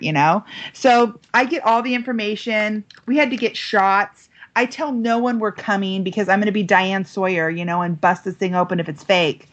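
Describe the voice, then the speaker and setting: A middle-aged American woman, a guest telling a story in a lively way, jumping up in pitch when she quotes people. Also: lo-fi sound. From United States. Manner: lively, quotes voices with big pitch jumps. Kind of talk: animated storytelling.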